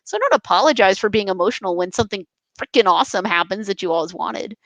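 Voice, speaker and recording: Young woman talking fast and fired up, lotsa restarts, dry mic. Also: mid-range voice, expressive, a bit bright, no echo, rough recording. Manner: passionate, emphatic, many restarts. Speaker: podcast guest. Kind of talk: casual interview chat.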